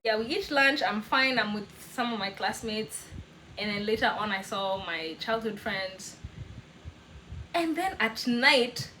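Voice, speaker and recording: A young woman with a Kenyan accent telling a story in a casual vlog, animated, laughing often and slipping in Swahili words. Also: mid-range voice, a little hiss or hum, rough recording. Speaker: vlogger.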